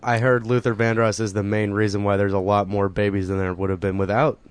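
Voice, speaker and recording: A man in casual podcast chat, dropping dry deadpan quips. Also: fairly low pitch, a little fast, smooth.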